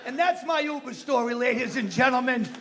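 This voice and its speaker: A man's voice: very high voice, lively intonation, brisk, crowd noise. A middle-aged man from Massachusetts doing a stand-up routine, telling a story with acted-out voices and brash punchlines in a comedy club.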